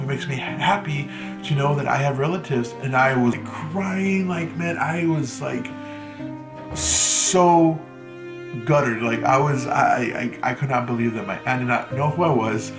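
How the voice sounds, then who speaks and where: A man's voice: mid-range voice, measured pace. A man with Mexican roots telling a story from his teen years in a casual storytime vlog, chatting loosely with lots of "like". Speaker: vlogger. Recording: echoey room with music behind. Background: background music.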